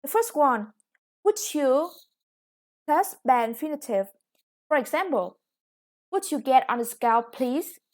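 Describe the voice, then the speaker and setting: A woman's voice: high-pitched, sing-song, unhurried, pauses often. Vietnamese-accented woman teaching English. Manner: explaining step by step, with frequent "yeah" and "okay". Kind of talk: online lesson.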